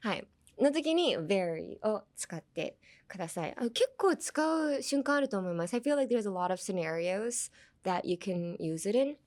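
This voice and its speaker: A woman's voice: medium pitch, animated, fairly quick, darkish tone. A young woman hosting a podcast, chatting casually as she explains English phrases from anime and switching between English and Japanese with frequent laughs. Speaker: podcast host teaching English through anime lines. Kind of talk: casual bilingual teaching chat.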